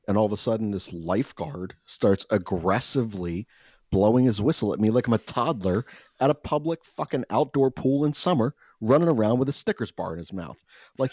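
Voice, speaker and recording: A lower-voiced man tells a story in casual conversation, swearing freely and swinging his pitch up and down as he gets worked up. The sound is dry and a little dull, as if recorded with a muffled mic. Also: husky, no room sound. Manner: profane, animated, exasperated storytelling.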